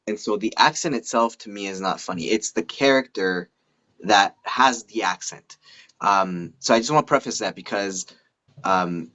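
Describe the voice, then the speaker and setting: Man in a halting live-stream chat. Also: lowish voice, fairly bright tone, lo-fi sound. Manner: halting, many fillers and restarts. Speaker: comedian and live-stream host.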